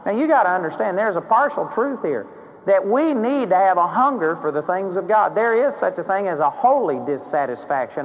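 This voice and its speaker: A man's voice: high voice, big-room sound. A man preaching a sermon in a conversational way, rising into emphatic acted prayers. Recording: dull, hollow-sounding sermon recording with faint hiss.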